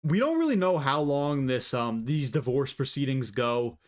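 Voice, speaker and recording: A man's voice: mid-range voice, lively intonation, normal speed. A man talking casually and profanely through his predictions, rambling and opinionated, on a desk mic. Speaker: MMA commentator vlogger.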